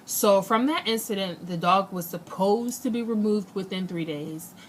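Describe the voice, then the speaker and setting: A young woman vlogger retelling something that happened to her in a casual, animated way, acting out what people said. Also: medium pitch, moderate pace, slight background noise. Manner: animated retelling, acts out quotes. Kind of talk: casual storytelling.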